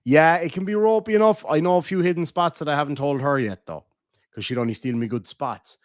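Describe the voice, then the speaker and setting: A man's voice: fairly high pitch, lively intonation, fast talker, no echo, clean studio sound. Chatty Cork Irishman swearing freely. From Ireland. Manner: chatty and swears freely while reading chat aloud. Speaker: livestream host. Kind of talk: casual livestream chat.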